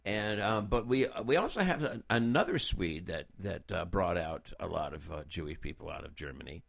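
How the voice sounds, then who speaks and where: Hesitant male interviewer with a lowish voice. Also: expressive, normal speed, vocal fry, a bit bright. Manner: hesitant, with fillers and restarts. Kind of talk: interview questions.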